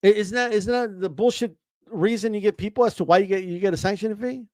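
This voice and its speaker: High-pitched male streamer from Texas, profane heated rant, full of restarts and mock quotes, dry untreated sound. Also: fast talker, darkish tone, dry recording. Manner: mocks others in quoted voices. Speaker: boxing commentator. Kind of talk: casual livestream rant.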